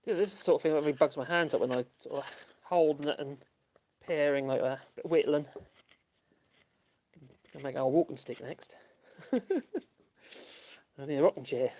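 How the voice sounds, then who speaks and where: Speaking at a normal speed with long pauses, this man has a fairly high, darkish voice and a steady tone. He hosts a woodworking channel and rambles casually to the camera as he works on a project in his workshop, chuckling and talking to himself.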